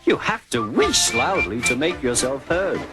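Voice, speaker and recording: A man's voice: mid-range voice, very animated, a little slow, over loud music, pitched above the performer's own voice. A man doing a chirpy little engine. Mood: eager. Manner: eager, chirpy. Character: eager little green male engine.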